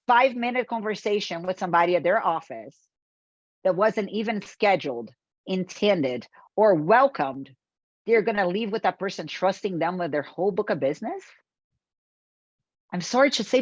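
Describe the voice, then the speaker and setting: A woman's voice: medium pitch, no echo, highs cut off. A woman from Brazil giving a motivational sales webinar, talking straight to her audience with rhetorical questions. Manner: animated, addresses audience directly, rhetorical questions. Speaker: webinar presenter.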